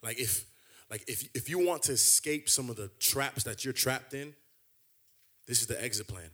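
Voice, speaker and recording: A man preaching a sermon in a conversational way, repeating phrases and building to loud, emphatic peaks. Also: normal speed. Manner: impassioned, builds to loud high emphatic climaxes.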